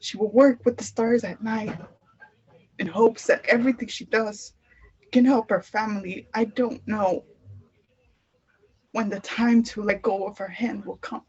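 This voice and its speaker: A teenage girl student reciting her own poem in a slow, earnest way. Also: mid-range voice, steady tone, a little mellow, husky, muffled recording. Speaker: student poet.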